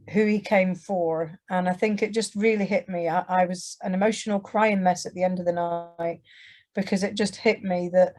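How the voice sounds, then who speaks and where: Telling her personal testimony to a church audience, a young woman from England uses a fairly low, slightly mellow voice. Her delivery is conversational, marked by frequent restarts and acted-out quotes.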